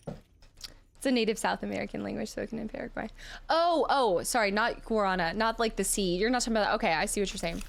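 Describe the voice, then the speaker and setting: A chatty woman talking through a live game stream, reading out viewer comments and answering them between moves. Her voice sits at an ordinary middle pitch and her talk is loose and animated. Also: a little fast, vocal fry, slight background noise. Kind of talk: casual live-stream chat while gaming.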